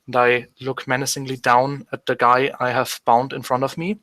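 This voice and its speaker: A man's voice: medium pitch, level tone, moderate pace, a bit bright, dry recording, rough recording. A man playing a tabletop role-playing game, switching between describing his actions and speaking in character, with frequent hesitations. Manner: hesitant, many fillers, half in character. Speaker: player.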